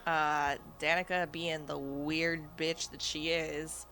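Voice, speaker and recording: A woman's voice: low voice, little pitch movement, slow, pushed and bright. A woman player chatting casually and teasing the others. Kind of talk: casual podcast chat.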